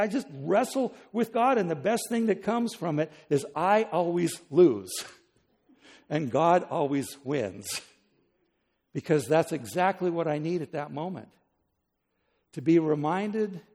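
A man's voice: fairly high pitch, darkish tone, long reverb tail. A man preaching a sermon as pastor, dramatic, acting out pleas to God with a rising voice.

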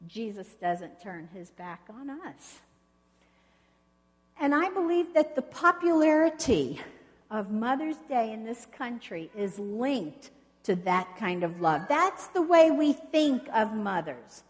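Slow-speaking woman preacher in a reverberant hall. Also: fairly high pitch, big pitch swings. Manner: earnest storytelling with rhetorical questions. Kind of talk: sermon.

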